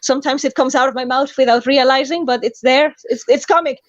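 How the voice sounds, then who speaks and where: A woman's voice: high-pitched, fairly even intonation, fairly quick, dry recording. A woman writer hosting a casual video chat, talking in a playful, theatrical, self-mocking way. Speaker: writer and channel host. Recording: dry, slightly dull lo-fi audio.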